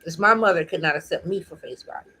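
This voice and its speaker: A woman's voice: lowish voice, animated, quick pace, sharp tone, slightly rough, low-quality recording. Woman host, earnest heartfelt testimony, speaks straight from the heart. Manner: earnest, heartfelt, repetitive phrasing. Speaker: vlog host. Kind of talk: personal testimony monologue.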